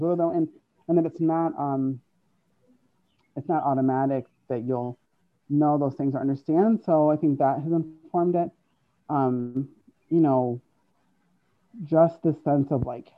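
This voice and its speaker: An American woman with a deep voice, recorded with phone-quality sound and no echo, is a university staff member guesting in an interview. She tells stories animatedly and conversationally, acting out dialogue and laughing often.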